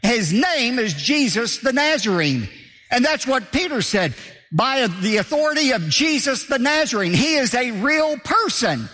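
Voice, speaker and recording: A man's voice: very high voice, big pitch swings, unhurried, pushed and bright, long reverb tail. A man preaching a sermon as pastor, emphatic and driving his points home by repeating key phrases.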